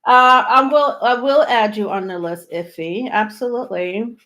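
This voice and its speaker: A woman's voice: on the high side, moderate pace, a bit bright. Woman, tarot reader on a livestream, slightly breathless, loose reassuring chat. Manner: reassuring, rambling with many ums. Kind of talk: live tarot reading, casual chat to viewers.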